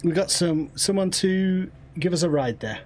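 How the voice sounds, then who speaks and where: A man's voice: sits high, moderate pace, a little mellow, slight background noise. A man with a northern English accent chatting casually with a friend on a gaming stream, patiently explaining words. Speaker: streamer playing a space game. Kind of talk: casual chat.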